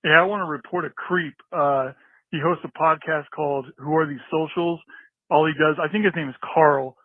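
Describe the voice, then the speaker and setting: A man's voice: on the high side, steady tone, moderate pace, no echo. Guy ranting on a voicemail, cussing, tinny phone sound. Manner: ranting, profane. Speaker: voicemail caller. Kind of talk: phoned-in rant.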